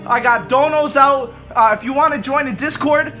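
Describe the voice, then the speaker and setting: A young man streaming games live, chatting casually and excitedly to his viewers and joking as he goes. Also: extremely high pitch, brisk. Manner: excitable, joking, keeps calling viewers boys and lads. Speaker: gaming streamer. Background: game and trailer music.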